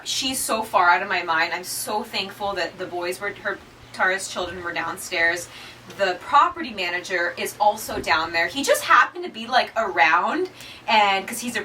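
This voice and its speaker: A woman in her thirties, a podcast co-host, telling her birth story in casual chat, acting out quotes with lively flair. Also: medium pitch, recorded from a distance, a little hiss or hum, rough recording. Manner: chatty, animated retelling with acted-out quotes.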